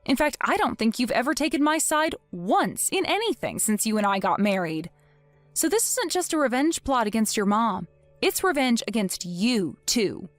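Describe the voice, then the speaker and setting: A woman's voice: a little high, big pitch swings, normal speed, dry recording, faint music behind. A woman voicing a cold, vengeful young wife. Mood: scheming. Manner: cold, taunting, mock-innocent. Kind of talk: dramatized story narration.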